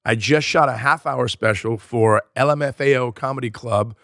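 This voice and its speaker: A man's voice: medium pitch, moderate pace, vocal fry, a bit bright, dry recording, studio quality. A man, a comedian co-hosting a podcast, telling a loose, profane story in casual chat.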